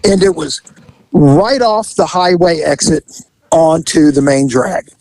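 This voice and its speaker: A man hosting a podcast, telling an animated story in casual chat, acting out the voices and laughing as he goes. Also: on the high side, slow, poor audio.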